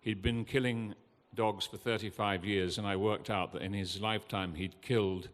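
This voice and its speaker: Older guy, low voice, talking all passionate and earnest, stops and starts a lot, big echoey hall. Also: fairly even intonation. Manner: impassioned, earnest, halting with many fillers. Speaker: guest speaker at a festival. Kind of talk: emotional public talk. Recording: long hall reverb.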